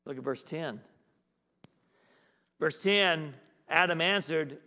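A man's voice: fairly high pitch, slow pace, long pauses, sharp tone, big-room sound. A man preaching as a guest pastor. He repeats key phrases for emphasis and asks the congregation questions in a conversational way. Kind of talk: sermon.

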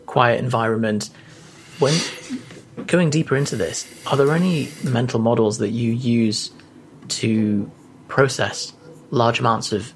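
A man's voice: mid-range voice, slight background noise. A man hosting a casual podcast, asking long, rambling, hesitant questions. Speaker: podcast host.

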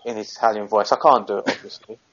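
A man's voice: fairly low pitch, fairly even intonation, very fast, fairly bright tone, muffled recording. A man co-hosting a podcast, telling a long rambling football anecdote in casual chat. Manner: rambling storyteller, many restarts. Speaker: podcast co-host.

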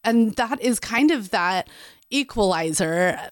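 A woman's voice: mid-range voice, a little slow, no echo, studio quality. A woman speaking candidly as a guest in casual conversation, acting out what she says to people. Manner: candid, animated, acts out quotes. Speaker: guest, program director.

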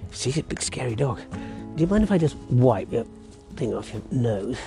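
Mellow-voiced man chatting on a walk. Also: medium pitch, very animated, normal speed, creaky, faint music behind. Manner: rambling, self-interrupting, chatty with his dog. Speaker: podcast host. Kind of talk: casual storytelling monologue. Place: outdoors on a walk with his dog.

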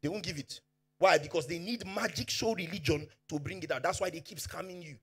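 A man with a Nigerian accent preaches as a pastor, his voice a little high, slightly rough and fairly quick. Fervent throughout, he alternates between near-whispers and shouts and adds Pidgin asides.

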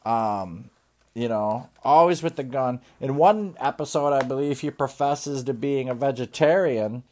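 A man hosting a podcast in a crude, rambling comedic rant, swearing constantly and often trailing off into low mumbles. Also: measured pace, a little mellow. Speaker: podcast host.

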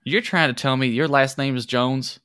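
A man voicing a folksy, gruff old man who talks loudly and drawls. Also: medium pitch, normal speed, no echo, studio quality, voice pushed up, close to an everyday voice. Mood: blustery.

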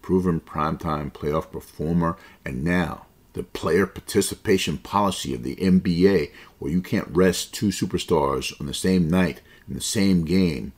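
Deep-voiced man riffing on basketball news. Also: moderate pace, hardly any pauses, a little mellow. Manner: opinionated and conversational, with slang asides. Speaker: podcast host. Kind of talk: casual basketball commentary.

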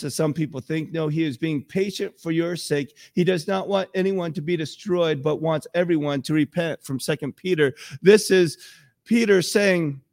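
Male pastor, relaxed sermon delivery, higher-pitched voice, dry close sound. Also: no echo. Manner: conversational, acts out quoted voices.

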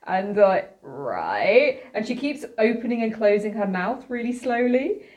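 A woman's voice: a little high, normal speed, muffled recording. Giggly woman recapping a book. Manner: rambling, giggly storytelling with lots of fillers. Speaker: podcast host. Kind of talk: casual book discussion.

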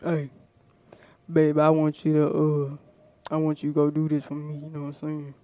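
A woman voicing a demanding male boyfriend who sweet-talks in casual slang, pitched slightly lower than her own talk. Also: completely flat delivery, normal speed, dark tone, lightly acted. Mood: coaxing.

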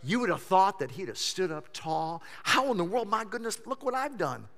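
A man pastor preaching a sermon in a church sanctuary, animated and swinging between loud shouting and hushed intensity. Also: high voice, normal speed. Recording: long church-hall reverb.

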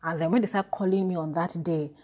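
A woman talking in a casual, reflective monologue, chatty and quick to laugh at herself. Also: on the low side, fairly even intonation, noisy background.

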